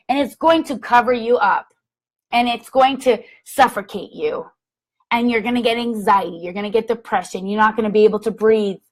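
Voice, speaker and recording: A young woman, a direct-sales consultant, giving an energetic, blunt motivational live chat that is peppered with casual swearing. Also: fairly high pitch, poor audio. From Canada. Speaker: Scentsy consultant and motivational vlogger.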